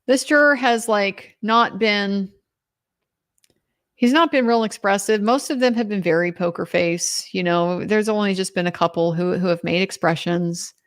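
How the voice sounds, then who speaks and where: A woman legal commentator recounting courtroom testimony in an animated retelling, quoting others in her own voice. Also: mid-range voice.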